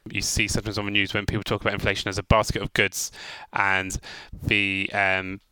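A man's voice: lowish voice, completely flat delivery, brisk, sharp tone, clean tone, no echo, rough recording. A man co-hosting a casual chat, asking questions in a playful way. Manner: playful, asks questions, game-show banter. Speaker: co-host. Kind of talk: casual chat with a quiz segment.

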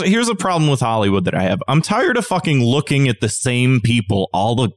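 A man's voice: medium pitch, sing-song, moderate pace, hardly any pauses, no echo, clean studio sound. A man co-hosting a podcast, chatting casually and ranting with plenty of swearing. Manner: profane, ranting, exasperated. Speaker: podcast co-host. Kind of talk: casual chat.

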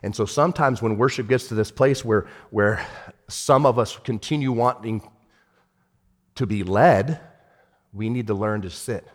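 A man preaching a sermon as pastor, animated, swinging from shouted lines to hushed ones. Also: on the low side, a little slow, in a large hall.

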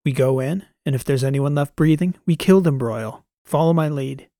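A man playing a loud, cynical veteran soldier. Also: a little high, moderate pace, dry recording, studio quality, close to an everyday voice. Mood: menacing contempt. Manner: gruff, contemptuous, loud.

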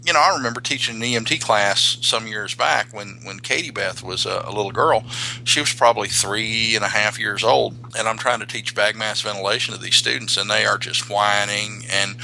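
A man with a gravelly, bright, forward voice, chatting as a podcast co-host. He talks in loose, rambling stretches full of restarts and filler words. A faint hum sits under the recording. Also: fairly low pitch, moderate pace, poor audio. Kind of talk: casual podcast chat.

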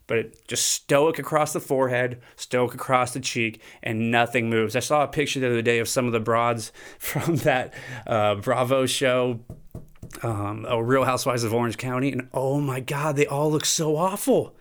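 A man's voice: medium pitch, normal speed. A man hosting a podcast in a loose, jokey rant, swearing freely and getting worked up. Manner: animated, profane, jokey. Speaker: podcast host. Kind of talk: casual comedic rant.

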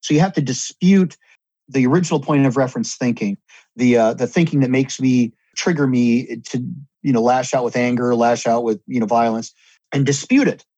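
A man's voice: medium pitch, moderate pace, mellow, slightly rough, no room sound, highs cut off. A man talking earnestly and at length about therapy and recovery, with many restarts and repetitions. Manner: earnest, rambling, repeats and restarts. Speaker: guest. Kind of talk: candid conversation about recovery.

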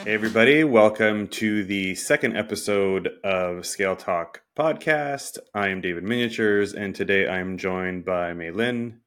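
Deep-voiced joking podcast host man. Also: moderate pace, few pauses, soft background music. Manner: relaxed and joking. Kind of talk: casual podcast interview.

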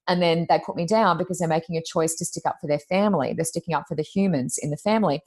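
Chatty lady medium, lowish voice, you know-ing a lot, acts out the quotes. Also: quick pace, darkish tone. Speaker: psychic medium, guest. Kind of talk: casual interview storytelling.

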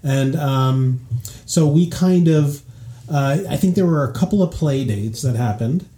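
Mellow-voiced joking male podcast host. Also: fairly high pitch, measured pace. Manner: joking, playful banter. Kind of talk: casual chat.

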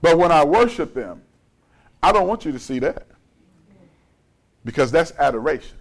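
Male pastor, high voice, folksy conversational sermon with humor and call-and-response. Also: sing-song, normal speed.

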